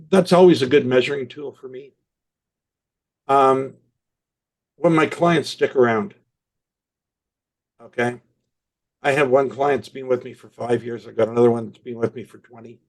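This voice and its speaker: Guy in his 60s telling business stories, acts out the dialogue, medium pitch. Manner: animated anecdotes with quoted dialogue. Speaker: marketing consultant guest. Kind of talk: storytelling in a podcast interview.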